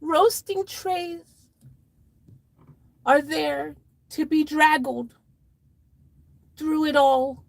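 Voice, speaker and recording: A woman voicing a dramatic young woman in an improvised story, with a shrill, drawn-out, theatrical delivery. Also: fairly even intonation, vocal fry, no echo, heavily acted. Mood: grandiose.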